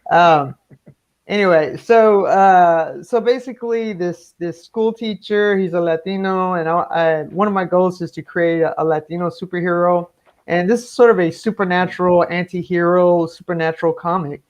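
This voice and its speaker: A man's voice: high voice, moderate pace. A man, a guest comic artist, chatting casually over a video call, rambling with many fillers and restarts. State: voice cracking from talking. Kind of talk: casual interview chat.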